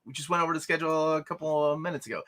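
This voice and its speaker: A man's voice: on the high side, steady tone, rapid-fire, a bit bright. A man hosting a casual live-stream chat, joking and playful as he talks. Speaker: host.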